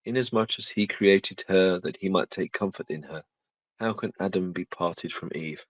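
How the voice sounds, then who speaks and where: A man giving an even, formal scripted reading of a verse translation. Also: low voice, normal speed, no room sound, low-quality recording. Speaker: reader.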